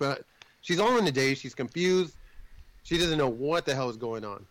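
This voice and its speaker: A man's voice: mid-range voice, lively intonation, normal speed, no room sound, rough recording. A man casually recapping a movie plot in a rambling way, swearing now and then and jumping in and out of the characters' voices.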